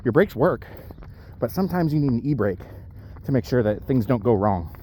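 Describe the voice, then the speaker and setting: With a medium-pitched, mellow voice and lively intonation at normal speed, a man talks casually to his camera on an outdoor dog walk. He's a powerlifter vlogging his day, a bit winded from the uphill path and rambling with fillers; some background noise is audible.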